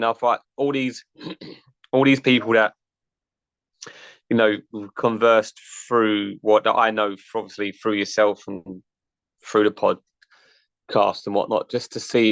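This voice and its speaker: A man's voice: on the low side, flat delivery, unhurried, a bit bright, no room sound, muffled recording. A man hosting a running podcast, chatting in a friendly way and reading a guest introduction. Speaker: podcast host. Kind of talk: casual chat and scripted guest introduction.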